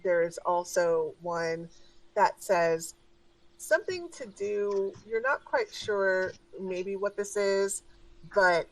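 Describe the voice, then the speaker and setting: A woman's voice: fairly low pitch, recorded from a distance, rough recording. A woman narrating a tabletop game as game master, in a casual, hesitant way with many fillers.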